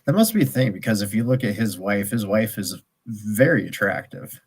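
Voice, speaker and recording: Low-voiced easygoing male co-host. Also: expressive, moderate pace, husky. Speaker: podcast co-host. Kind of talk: casual chat.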